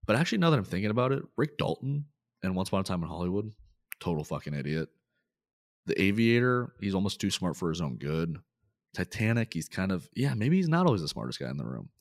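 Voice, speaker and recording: A man's voice: low voice, big pitch swings, fast, dry recording, clean studio sound. A man hosting a casual movie podcast, talking loosely with frequent laughs and swearing. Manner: loose, profane, laughs often. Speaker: podcast host.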